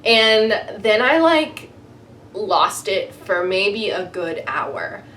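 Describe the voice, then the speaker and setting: A young woman telling a casual storytime, excitable and animated, with lots of fillers. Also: mid-range voice, very slow, recorded from a distance, slight background noise.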